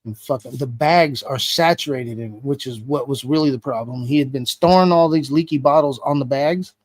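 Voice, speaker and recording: A man's voice: medium pitch, moderate pace, no echo. A man being interviewed, telling a story casually with heavy swearing. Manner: profane, animated retelling with heavy swearing. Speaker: interview guest.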